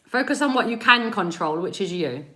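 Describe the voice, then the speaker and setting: A woman's voice: medium pitch, lively intonation, moderate pace, pushed and bright, a little hiss or hum. A British woman hosting a live spiritual reading stream, chatting casually, greeting viewers by name and laughing often. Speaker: spiritual reader and livestream host. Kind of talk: casual livestream chat. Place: home in Spain.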